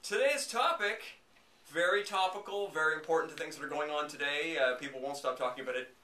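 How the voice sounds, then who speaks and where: Man, casual snarky host, rambling, bright tone, roomy echo, faint hiss. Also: fairly high pitch, quick pace, recorded from a distance. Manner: wry, rambling, snarky, many fillers. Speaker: podcast host. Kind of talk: casual chat. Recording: echoey room, off-mic, faint noise.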